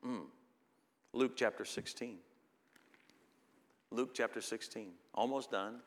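A middle-aged man preaching a sermon, reading scripture slowly and building to loud, emphatic peaks. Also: medium pitch. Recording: long reverb of a hall.

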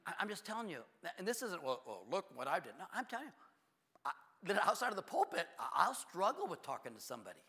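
A middle-aged man preaching a sermon as pastor, shifting between quiet confiding talk and loud, urgent preaching. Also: sits high, big pitch swings, fast, slightly rough, long reverb tail.

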